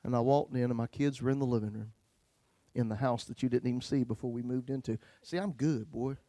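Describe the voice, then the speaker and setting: A male pastor telling his own story in a sermon, folksy, swinging between loud bursts and hushed lines. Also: mid-range voice, a little fast, no room sound.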